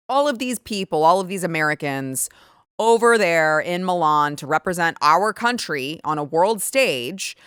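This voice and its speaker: A woman with a fairly low voice hosts an opinion show in a sarcastic, indignant, animated manner. The sound is close and dry, with no room around her. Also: clean tone, dry recording. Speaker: host. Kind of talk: opinionated commentary and ad read.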